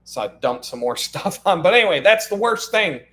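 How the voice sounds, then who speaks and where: A man telling stories on a live stream, animated and profane, breaking into laughs. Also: sits high, fairly quick. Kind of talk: casual storytelling on a live stream.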